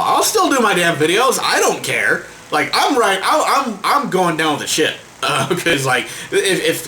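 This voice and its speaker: A man's voice: fairly high pitch, bright, forceful tone, a little hiss or hum, rough recording. A man vlogging a heated rant to camera. He swears a lot and trips over repeated words in exasperation.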